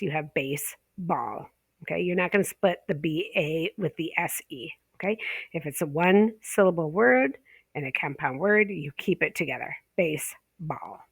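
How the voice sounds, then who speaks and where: A woman teaching a pronunciation course, explaining step by step, tagging "okay?" onto her points and drawing out example words slowly. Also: on the low side, no room sound. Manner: explanatory, checks in with frequent "okay?"; slows and stretches example words. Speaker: ESL teacher trainer. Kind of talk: online course lesson.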